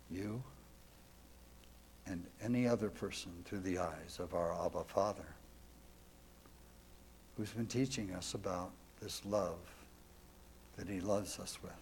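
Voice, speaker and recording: A man's voice: low-pitched, slight background noise. A man telling a devotional story as a sermon, earnest and reflective, ending with questions to his listeners. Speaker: preacher.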